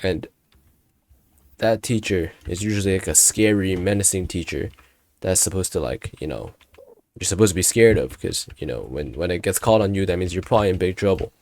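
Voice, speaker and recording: Teen guy rambling about school, kinda low voice, swears a lot, super casual. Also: brisk, a little mellow. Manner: slangy and profane, rambling with restarts. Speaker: student storyteller. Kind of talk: casual storytelling monologue.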